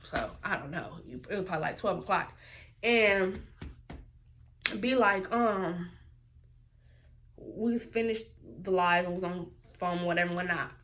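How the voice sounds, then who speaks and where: A woman's voice: lowish voice, measured pace, pauses often, fairly bright tone. A woman, telling a story in a casual vlog and mimicking other people's voices as she quotes them. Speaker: vlogger.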